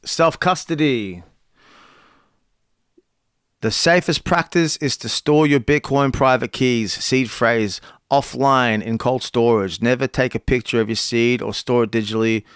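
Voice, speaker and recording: A man's voice: mid-range voice, fairly bright tone, smooth, dry recording, studio quality. Man reading cards on a stream. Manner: reads cards aloud haltingly, restarts and chats. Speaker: content creator. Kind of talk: casual livestream chat.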